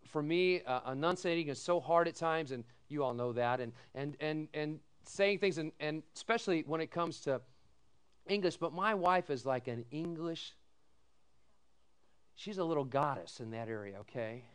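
A middle-aged man giving a sermon as pastor, telling folksy stories with animated quoted voices and asking the congregation "amen?". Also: a little high, normal speed, clean tone.

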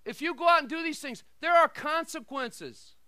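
A middle-aged man preaching a sermon as pastor, telling stories with animated swings between shouted lines and quiet asides. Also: very high voice, normal speed, no room sound.

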